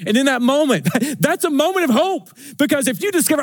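A man preaching a sermon in an earnest, repetitive style. He stumbles and restarts often, raising and lowering his voice for emphasis. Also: a little fast, few pauses, no room sound, clean studio sound. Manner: earnest preaching with many restarts and repeated phrases; swings between raised and lowered pitch for emphasis. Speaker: pastor.

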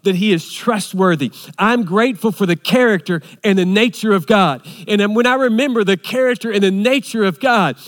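A male pastor delivering a sermon with an earnest, rhythmic build of repeated phrases. His voice sits a little high for a man, and a long hall reverb trails each line. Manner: earnest, repetitive preaching cadence with frequent restarts and lists.

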